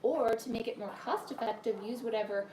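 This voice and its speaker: A woman hosts a live cooking demonstration from her home kitchen, chatting easily and greeting viewers by name between steps. She often trails off and restarts her sentences. The room is echoey, with steady noise behind her. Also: fairly high pitch, brisk, recorded from a distance. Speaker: cooking demo host and cookbook author.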